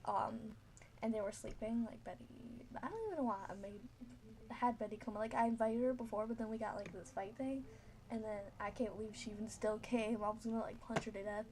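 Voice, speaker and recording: A woman's voice: a little high, fairly even intonation, brisk, a little mellow, slight background noise. A teenage girl telling a story casually, rambling with many fillers and frequent giggles.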